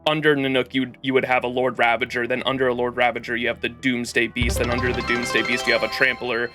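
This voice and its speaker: A man's voice: medium pitch, level tone, fast talker, over music. A man streaming a story game, chatting casually with his viewers and reading the lore text aloud in a rambling way.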